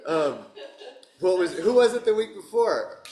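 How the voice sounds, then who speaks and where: A man's voice: high voice, sing-song, unhurried, crowd noise. A man leading a yoga teacher training class, chatty and joking, encouraging his students. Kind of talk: casual class talk. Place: warm studio room with a group. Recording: echoey room.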